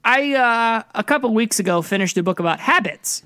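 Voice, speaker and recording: A woman's voice: on the high side, expressive, a little fast, a bit bright, clear, resonant tone, dry recording. A woman co-hosting a podcast in casual banter, with a dry, teasing, wry manner. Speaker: podcast co-host.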